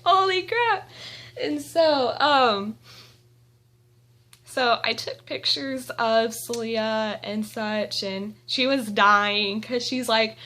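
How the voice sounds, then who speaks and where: A young woman vlogging at home, telling an excited story with giggles and gushing fangirl energy. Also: a little high. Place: indoors at home.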